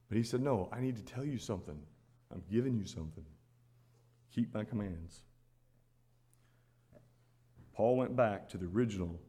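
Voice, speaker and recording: A man's voice: fairly low pitch, a little mellow. A man preaching a sermon at the Lord's table, earnest and repeating phrases for emphasis, rising to exhort his listeners.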